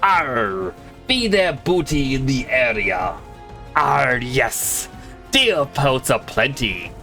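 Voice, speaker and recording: A man voicing a pirate role-player trading pelts, in a playful mock-gruff way. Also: mid-range voice, very animated, slow, bright, forceful tone, soft background music, heavily acted.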